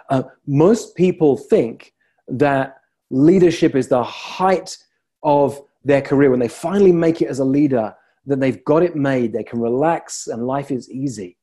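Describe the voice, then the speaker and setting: A man who works as a leadership coach, giving a reflective motivational talk and telling stories with deliberate pauses. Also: mid-range voice, warm tone, slightly rough.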